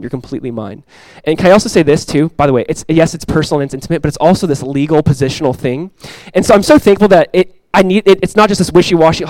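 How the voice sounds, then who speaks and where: A young adult man preaches a sermon as a pastor, earnestly repeating key phrases and often dropping into a soft, intimate tone. His voice sits on the high side, and the recording is dry and rough.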